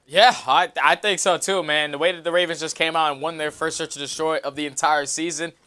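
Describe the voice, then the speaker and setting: A man calling esports play-by-play action in quick, energetic bursts. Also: fairly high pitch, clean tone. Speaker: esports caster. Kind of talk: play-by-play commentary.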